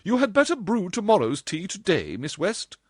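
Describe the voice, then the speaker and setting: A man's voice: sits high, wildly swooping pitch, normal speed, no echo, clean studio sound, voice pushed up, heavily acted. A man voicing an uncompromising middle-aged woman supervisor, clipped and stern.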